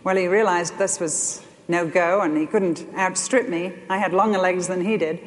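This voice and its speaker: An older woman preaching a sermon, telling stories in an animated way that swings between loud and soft. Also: lowish voice, normal speed. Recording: long hall reverb.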